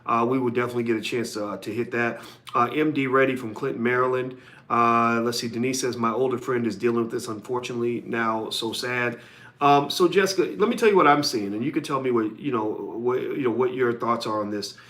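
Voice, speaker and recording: A man's voice: mid-range voice, quick pace, a bit bright. A man hosting a live podcast, talking conversationally and reading out viewer comments. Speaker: podcast host.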